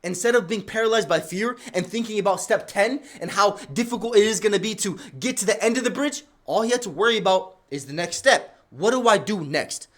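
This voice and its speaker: A man's voice: high voice, fairly quick, hardly any pauses. A young man livestreaming, giving casual slang-heavy advice to his chat and telling stories. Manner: slangy, animated, storytelling with asides.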